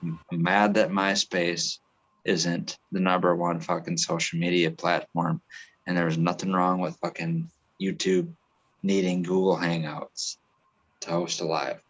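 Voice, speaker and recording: Low-voiced man rambling casually. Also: a little slow, fairly bright tone. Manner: rambling, swears freely, restarts a lot. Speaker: podcast co-host. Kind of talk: casual chat.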